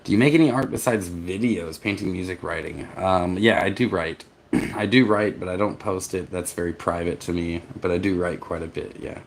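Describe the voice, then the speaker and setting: A man from Texas, a vlogger, reading his chat aloud and answering in a rambling, halting way, tired from poor sleep. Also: low-pitched, a little hiss or hum. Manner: rambling, halting, with restarts and laughs. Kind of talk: casual live-stream chat.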